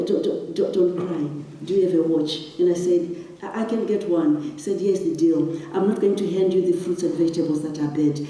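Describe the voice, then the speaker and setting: A woman's voice: fairly low pitch, dark tone. A woman from Zimbabwe giving a talk on stage, telling a personal story with emotion and building to impassioned questions. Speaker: guest speaker. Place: large hall. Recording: echoey hall, distant mic.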